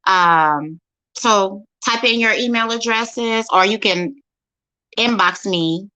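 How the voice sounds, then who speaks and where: Bright-voiced woman talking casually on a phone. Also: medium pitch, low-quality recording. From St. Louis, USA. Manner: halting, lots of fillers and restarts. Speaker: guest speaker. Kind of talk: casual livestream talk.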